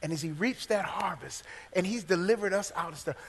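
A man preaching a sermon to his congregation, swinging between loud preaching and hushed near-whispers and calling out "guess what" again and again. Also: high-pitched, fairly quick, vocal fry, breathy edge, in a large hall, low-quality recording. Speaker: pastor. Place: church sanctuary.

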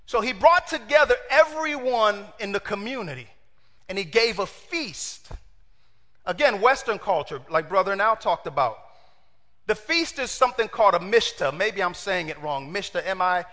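A man preaching a sermon in an animated way, asking his congregation questions and acting out the quotes. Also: high voice, normal speed, in a large hall.

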